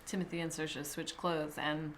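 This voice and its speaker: Thirties woman director gushing at a press junket, bright tone, lots of restarts. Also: low voice, moderate pace, a little hiss or hum. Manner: animated, laughing, rambling restarts. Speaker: film director.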